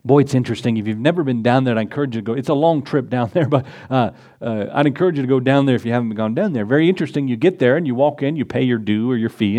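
A man's voice: mid-range voice, racing, hardly any pauses, dark tone. A male pastor preaching a conversational sermon to his congregation, acting out prayers and quotes along the way. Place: church in front of a congregation.

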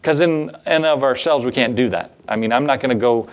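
A man's voice: mid-range voice, a little fast. A male pastor preaching a sermon in a casual, folksy way, with asides and chuckles.

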